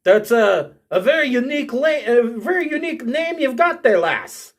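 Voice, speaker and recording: A man's voice: extremely high pitch, sing-song, moderate pace, voice pushed up, heavily acted. A man voicing a dwarf who teases a stranger in a mocking tone. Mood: teasing. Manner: teasing, slightly mocking. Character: gruff dwarf, amused and teasing.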